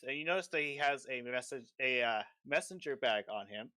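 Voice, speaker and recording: Smooth-voiced man running a tabletop game. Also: mid-range voice, normal speed, hardly any pauses, bright, forceful tone, dry recording. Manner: casual, filler-heavy narration. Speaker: game master.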